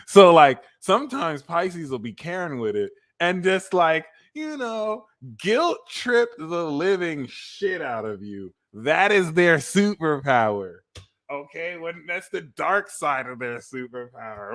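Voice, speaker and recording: Animated, profane astrologer man. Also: on the high side, takes it slowly. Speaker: astrologer and tarot reader. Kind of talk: casual livestream chat.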